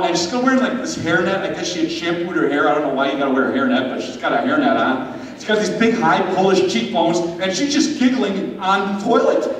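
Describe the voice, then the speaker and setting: A man with a fairly high voice tells a story to a confirmation class with animated energy. He keeps turning to the crowd to address them directly. The sound is distant and washed in a long hall reverb, with a faint hum behind it. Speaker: confirmation speaker. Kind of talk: storytelling youth talk. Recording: echoey hall, distant mic.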